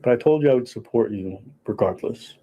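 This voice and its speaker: Hesitant man with a mellow voice. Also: medium pitch, animated, fairly quick, husky, lo-fi sound. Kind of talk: personal account.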